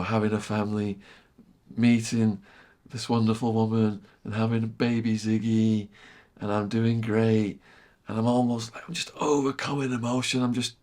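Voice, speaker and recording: Low-voiced man telling a wild story. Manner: vivid, repetitive storytelling that drops to a hushed near-whisper. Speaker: podcast guest. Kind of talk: storytelling in casual chat.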